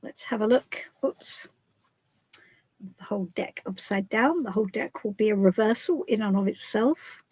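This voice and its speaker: A woman's voice: mid-range voice, normal speed, darkish tone, breathy edge, no room sound. A British woman hosting a live tarot stream, chatting casually in a rambling, giggly way. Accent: British English. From Britain.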